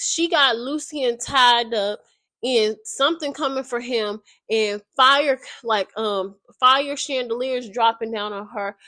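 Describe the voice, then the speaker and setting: A woman giving a casual, slangy, animated recap of a book as a video creator. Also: a little high, no room sound.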